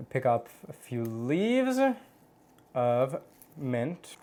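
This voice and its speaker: This mid-range voice is animated yet slow, with a faint hiss or hum in the background. The host demonstrates cocktails casually at home, chatty and playful, self-mocking, and humming to savor each sip.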